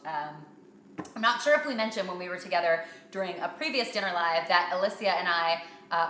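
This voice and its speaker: A Canadian woman in her thirties hosts a live cooking show, answering viewer questions in a chatty, upbeat way. Her voice is bright and forward. The home kitchen around her gives it a roomy echo. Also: fairly low pitch, slight background noise.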